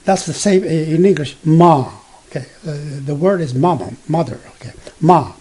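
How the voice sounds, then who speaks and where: A man teaching beginner Mandarin, explaining slowly with many fillers and self-corrections, and spelling out letters and sounding out tones. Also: on the high side, mellow, slightly rough. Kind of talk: beginner language lesson.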